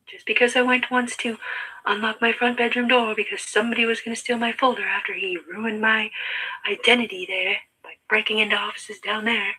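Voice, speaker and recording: A woman's voice: medium pitch, fairly even intonation, a little fast, pushed and bright, slightly rough, poor audio. A woman talking to camera in a rambling, mostly whispered monologue that keeps repeating itself. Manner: repetitive, insistent.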